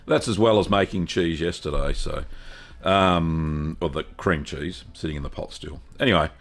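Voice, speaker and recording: A man with an Australian accent hosting a live stream, greeting viewers one by one in a relaxed, chatty way. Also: rumbling low, moderate pace, vocal fry. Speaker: host of a cheese-making livestream. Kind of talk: casual live-stream chat.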